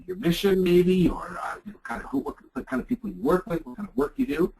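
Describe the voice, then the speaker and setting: A middle-aged man with a Canadian accent giving a chatty leadership presentation, acting out quotes in lively voices. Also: high voice, fast, vocal fry, a little hiss or hum, rough recording. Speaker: leadership speaker. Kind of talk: webinar presentation.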